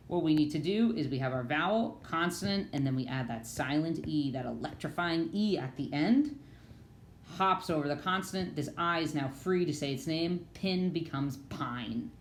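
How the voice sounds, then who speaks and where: A woman teaching a phonics lesson to children, with an animated, sing-song delivery. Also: sits low, moderate pace. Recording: echoey room with faint ambience.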